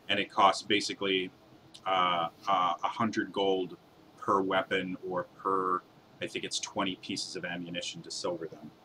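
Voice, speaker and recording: Bright-voiced man running a tabletop game. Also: low voice, slight background noise. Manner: hesitant, many fillers. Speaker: game master.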